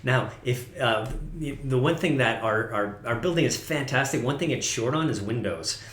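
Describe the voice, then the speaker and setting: A man's voice: mid-range voice, moderate pace, fairly bright tone. Casual pastor man in an echoey room. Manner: conversational, self-correcting, laughs at himself. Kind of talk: casual sermon.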